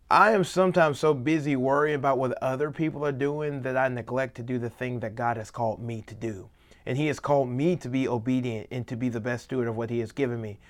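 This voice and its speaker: A man giving a devotional Bible teaching in an earnest, conversational way, growing animated when he paraphrases the people in the passage. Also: medium pitch.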